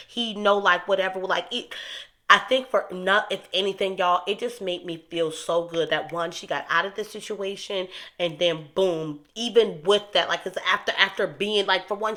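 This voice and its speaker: A young woman talking casually to her viewers as she recaps a TV episode, animated and emphatic. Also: mid-range voice. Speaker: TV recap host.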